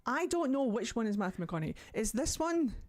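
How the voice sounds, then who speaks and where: A woman's voice: a little high, sing-song, a little fast, darkish tone, no room sound. A woman from Scotland, chatting casually in a playful, teasing way. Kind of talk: casual chat.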